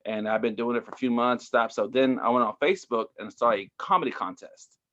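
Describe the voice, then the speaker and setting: A man's voice: medium pitch, a little fast, a bit bright, highs cut off. Chatty rambling man telling stories. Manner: loose, rambling, chatty with many fillers. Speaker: stand-up comedian guest. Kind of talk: casual interview storytelling. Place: Houston area.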